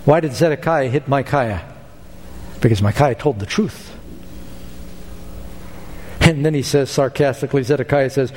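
A man's voice: mid-range voice, moderate pace, pauses often, darkish tone. A man preaching a sermon as pastor, emphatic and storytelling, with asides to his listeners. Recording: long hall reverb.

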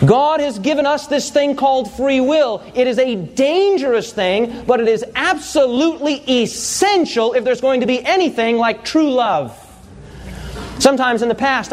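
A man preaching a sermon to a congregation, telling stories with humor and asking the audience to answer back. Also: extremely high pitch. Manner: animated storytelling with audience call-and-response.

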